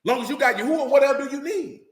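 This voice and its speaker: A man's voice: very high voice, fast talker, roomy sound. A man preaching a fiery sermon in blunt, profane street talk, hammering his points with repeated lines.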